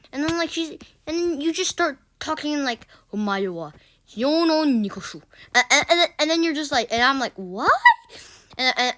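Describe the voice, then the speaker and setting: A woman with a somewhat high voice tells stories in a casual vlog. She rambles and stammers through restarts, with exasperated asides. Faint noise sits behind her. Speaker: gaming channel vlogger.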